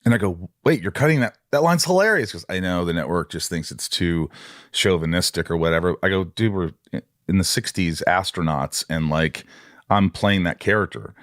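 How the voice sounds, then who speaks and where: Deep-voiced man telling animated stories. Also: normal speed, no room sound, clean studio sound. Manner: animated, acts out quoted dialogue. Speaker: podcast host. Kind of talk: casual interview storytelling.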